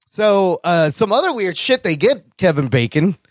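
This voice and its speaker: A man co-hosting a podcast, chatting casually and excitedly and laughing as he retells scenes. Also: high-pitched, normal speed, no room sound, clean studio sound. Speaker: podcast co-host. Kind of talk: casual chat.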